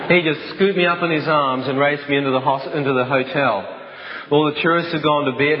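A man's voice: a little high, heavy background noise. A man giving a personal testimony as a dramatic story, intense and vivid, with some restarts. The sound is dull, with a long hall reverb.

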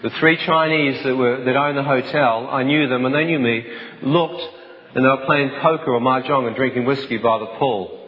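A man tells a dramatic personal story with an intense, vivid delivery and some restarts. His pitch sits mid-range for a man. The sound is dull and muffled, with a long hall reverb. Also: normal speed. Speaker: speaker giving a personal testimony.

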